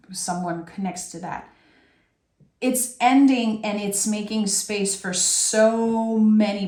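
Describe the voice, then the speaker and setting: A woman giving a spiritual tarot reading in a slow, earnest, heartfelt way. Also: mid-range voice, a little mellow. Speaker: tarot reader. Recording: roomy echo.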